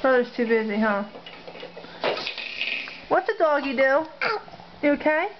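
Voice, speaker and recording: A woman's voice: sits high, animated, a little slow. A woman using patient, sing-song baby talk to coax a toddler while filming him at home on a camcorder. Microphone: handheld camcorder. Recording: muffled home video with background noise.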